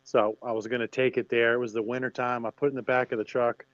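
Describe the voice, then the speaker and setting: A man from Pennsylvania, a podcast host telling animated stories in casual chat. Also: mid-range voice, fast talker, no echo, muffled recording.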